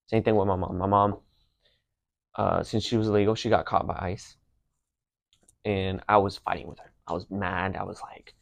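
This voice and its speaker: A man's voice: fairly low pitch, moderate pace, gravelly, no room sound. A young man hosting a podcast, telling personal stories in a casual, slangy way. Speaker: podcast host.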